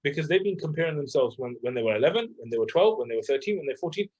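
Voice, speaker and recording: A man's voice: fairly high pitch, expressive, very fast, a little mellow, breathy edge. A man in his thirties, a life coach, talking casually and filling his speech with "like" and "right?". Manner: conversational, full of "like" and "right?". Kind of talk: casual chat. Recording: dull lo-fi sound.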